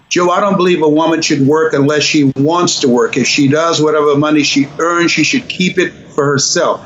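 A man's voice: on the high side, steady tone, brisk, hardly any pauses, a bit bright, echoey room. An older man being interviewed as a guest speaker, telling a personal story with dramatic shifts of voice. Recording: dull lo-fi sound with faint noise.

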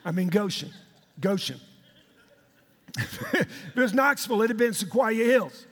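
A pastor preaching in a large church hall, with long reverb ringing after his words. His voice is very high and lively, bouncing up and down as he jokes and tells the story in slang. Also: measured pace, husky. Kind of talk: sermon retelling a story.

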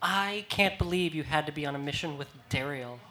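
A woman's voice: sits low, brisk, bright, forceful tone. A woman playing a sardonic spaceship crew member in an improvised comedy. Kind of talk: improvised comedy role-play.

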